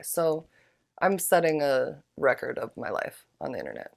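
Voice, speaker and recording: A young woman hosting her own podcast solo, chatting in a slangy, profane, laid-back way after leading a slow guided breathing. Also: low voice, sing-song, gravelly. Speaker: podcast host.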